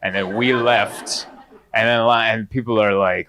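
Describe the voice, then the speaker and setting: A man in his thirties doing a stand-up comedy set on a comedy club stage, lively and animated, jumping into high-pitched bursts when he mimics other people. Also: moderate pace, noisy background. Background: audience laughter.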